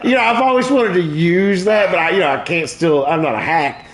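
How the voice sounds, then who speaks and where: A man, a comedian hosting a stream, tells crude jokes and stories in relaxed, profane chat. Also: high-pitched, fairly quick, slight background noise. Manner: crude, profane joke-telling. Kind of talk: casual storytelling chat.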